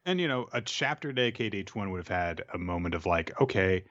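A man's voice: low voice, expressive, quick pace, fairly bright tone, no echo, dull audio. A man co-hosting a casual chat who muses aloud and hedges often with fillers. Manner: rambling, hedging with fillers. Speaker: podcast co-host.

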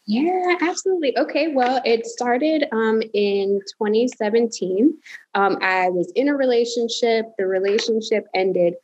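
A woman's voice: fairly high pitch, lo-fi sound. A woman in casual conversation, effusive and emotional, talking about her spiritual healing work. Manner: warm, effusive, quick to well up. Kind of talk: casual chat.

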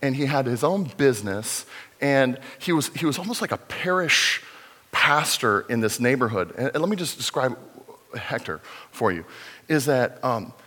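A middle-aged man preaching a sermon as pastor, in a conversational, animated storytelling manner. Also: mid-range voice, normal speed. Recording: long reverb of a large hall.

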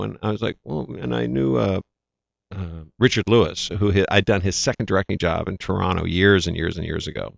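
A man's voice: low-pitched, brisk, gravelly, dry recording, lo-fi sound. A man, an actor, telling stories from his career in a casual interview, acting out the voices of the people he quotes. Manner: animated anecdotes, acts out quoted voices. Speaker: actor, guest.

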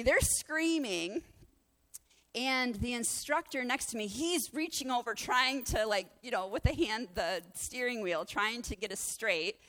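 A woman pastor preaching through a lively personal story, acting out the voices of the people in it. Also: fairly high pitch. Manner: animated, acts out the voices in her story. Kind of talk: sermon storytelling.

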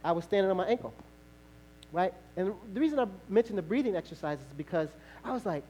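A male pastor preaching a sermon, telling a lively personal story, acting out the voices of others and laughing often. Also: sits high, quick pace, a little hiss or hum, rough recording.

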